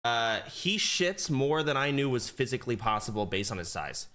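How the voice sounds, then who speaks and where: A man talks casually into his desk mic during a live stream. His pitch swings widely, and he speaks loosely with the odd curse. When the puppy is near, he shifts into high, sing-song baby talk. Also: big pitch swings, normal speed, few pauses, pushed and bright.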